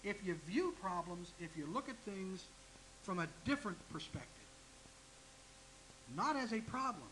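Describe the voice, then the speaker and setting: Bright-voiced folksy preacher man. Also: high voice, animated, moderate pace, pauses often, slight background noise, poor audio. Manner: folksy, self-deprecating, talks straight to the congregation. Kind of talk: folksy sermon.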